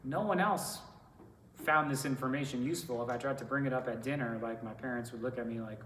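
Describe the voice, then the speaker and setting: A man's voice: mid-range voice, fairly quick, fairly bright tone. A man speaking as a sales director to students, telling stories in a casual, conversational way full of filler words. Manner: conversational, many fillers like "like" and "you know". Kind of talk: casual storytelling talk to students. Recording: roomy and distant with faint noise.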